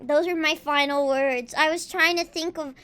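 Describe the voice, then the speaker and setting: Very high, bright-voiced playful woman streamer. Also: steady tone, normal speed. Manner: rambling, playful and teasing toward chat; dramatic, swings between loud and quiet. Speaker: VTuber streamer. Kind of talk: casual live-stream chat with viewers. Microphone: desk streaming mic.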